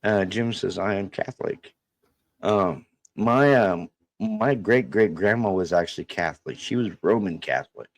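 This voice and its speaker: A middle-aged man telling stories in a halting, rambling way, restarting his sentences often. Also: fairly low pitch, lively intonation. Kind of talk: casual storytelling chat.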